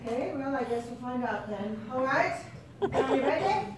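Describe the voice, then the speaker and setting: A woman playing a patient adult drama teacher who directs a school play and gently coaches her students. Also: high voice, animated, normal speed. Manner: encouraging, instructive. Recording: distant very echoey noisy room.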